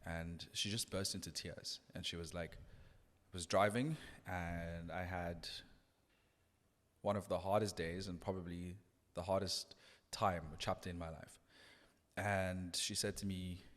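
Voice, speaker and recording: An earnest man recounts a story at a thoughtful pace. His voice sits low, and the room leaves a long reverb trail behind each phrase. He restarts his sentences often as he reflects. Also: fairly even intonation, measured pace, fairly bright tone. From South Africa. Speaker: radio DJ guest. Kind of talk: casual podcast conversation.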